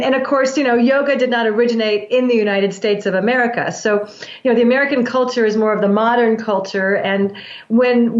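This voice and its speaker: A woman, a breath work practitioner, earnestly explaining her practice in an interview, often restarting her sentences. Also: a little high. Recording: echoey, dull lo-fi sound.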